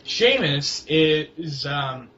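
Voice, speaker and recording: A young man with a fairly high voice rambles through a casual wrestling chat, often stalling on fillers and restarts. The recording sounds dull and lo-fi, with a faint hiss underneath. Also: expressive, drawn-out words, fairly bright tone. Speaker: co-host of a wrestling blog.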